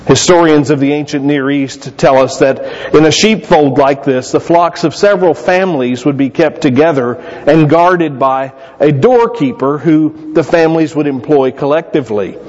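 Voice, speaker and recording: Animated preacher in a reverberant hall. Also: male voice, moderate pace, hardly any pauses. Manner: animated storytelling with sudden rises in pitch. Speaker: pastor. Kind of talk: sermon. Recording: dull lo-fi sound in a reverberant hall.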